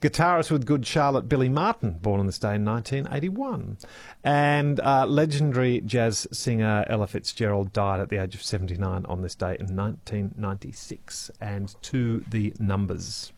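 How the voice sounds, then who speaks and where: A man's voice: on the low side, moderate pace, no room sound. Australian man hosting local radio. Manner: reads out listener messages, chatty with fillers. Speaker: radio host. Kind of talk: casual radio chat. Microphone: studio microphone.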